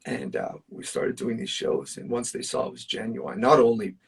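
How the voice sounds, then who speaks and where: A man who is a musician guest tells personal stories in casual chat, earnest and emphatic, with plenty of fillers. His medium-pitched voice is sing-song, gravelly and slightly rough, at normal speed, picked up by a distant mic.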